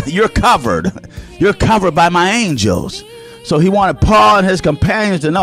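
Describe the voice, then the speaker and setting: A man with a Southern US accent, a pastor delivering a radio sermon in an animated, sing-song preaching cadence. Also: sits high, moderate pace, soft background music.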